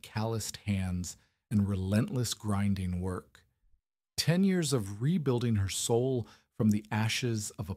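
A man narrating a story in a measured, descriptive way. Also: fairly low pitch, a little mellow, no echo, clean studio sound. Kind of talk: scripted narration.

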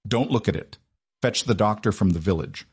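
A man's voice: fairly low pitch, a little fast. Man voicing a wounded, stubborn husband. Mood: strained. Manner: strained, clipped, gruff.

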